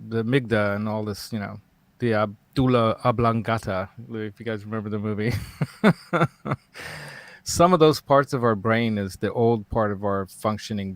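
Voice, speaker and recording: A man's voice: on the low side, no echo. A man hosting a casual live talk show, rambling and digressive and laughing often. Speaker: host. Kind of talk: casual livestream chat.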